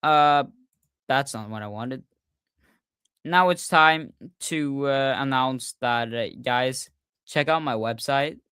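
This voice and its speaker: A young man hosting a casual livestream recap, talking excitedly, often stumbling and repeating himself. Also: medium pitch, slow pace, clear, resonant tone, no echo, studio quality. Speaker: podcast host.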